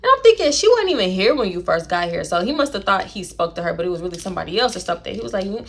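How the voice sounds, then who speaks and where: A woman's voice: on the low side, lively intonation, rapid-fire, creaky, breathy edge. A young woman telling a storytime to her viewers, blunt and chatty, swearing freely. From Houston, Texas. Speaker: storytime vlogger. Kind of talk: casual storytelling to camera.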